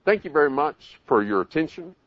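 A man speaks at a parenting seminar, his pitch swinging widely as he acts out scolding parents and stubborn kids. The sound is dry and close, with a slightly dull, muffled top end. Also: fairly quick, dry recording. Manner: animated, acts out parents and kids in raised voices. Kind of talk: live seminar talk.

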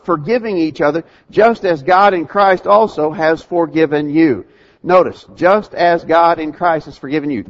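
Earnest preacher man, lo-fi recording. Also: on the high side. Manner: earnest, conversational preaching with frequent "uh" fillers and repeated emphasis. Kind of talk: sermon. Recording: dull lo-fi recording.

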